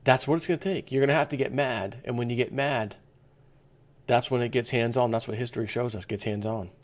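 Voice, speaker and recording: A man hosts an opinion vlog and rants indignantly. He talks in a rambling way, and his voice sits at an ordinary middle pitch. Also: fairly even intonation, brisk. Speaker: vlogger host.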